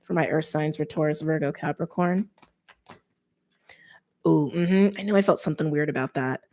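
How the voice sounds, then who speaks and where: A woman doing an intuitive tarot card reading, speaking softly and earnestly and letting her emotions show. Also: low-pitched, moderate pace. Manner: soft, earnest, openly emotional. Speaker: tarot reader.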